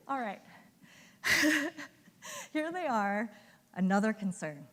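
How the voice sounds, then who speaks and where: A woman giving a conference talk as an animated storyteller who acts out the voices of colleagues she quotes. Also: a little high, slow pace, long pauses, big-room sound. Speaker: conference speaker. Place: hotel conference ballroom.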